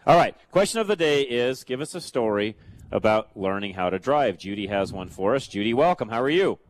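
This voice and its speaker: A man's voice: medium pitch, big pitch swings, brisk, slight background noise. A man hosting a live radio show on location, chatty and upbeat, repeating callers' details back. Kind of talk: live remote radio broadcast.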